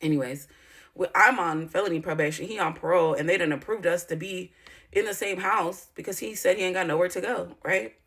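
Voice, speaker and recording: Woman vlogger, lowish voice, blunt and profane, rambling storyteller with emphatic outbursts. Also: a little fast, fairly bright tone, slightly rough. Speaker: YouTuber. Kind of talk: candid storytime vlog.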